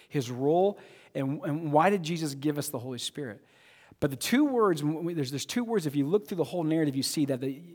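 This pastor's voice is fairly high and a little mellow, trailing long reverb through the church sanctuary. Preaching in a conversational way, he repeats words and puts questions to the congregation.

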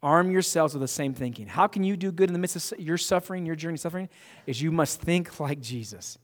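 A man's voice: a little high, animated, fast. Man preaching in an echoing hall. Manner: emphatic, conversational preaching with frequent restarts. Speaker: pastor. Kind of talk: sermon. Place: church sanctuary.

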